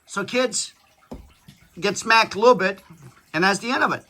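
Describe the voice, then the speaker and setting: Talking at an ordinary pace, this man holds forth to his daughter in a bright, high, forceful voice. His lecturing is blunt and his stories are laced with swearing, and every point lands with total confidence.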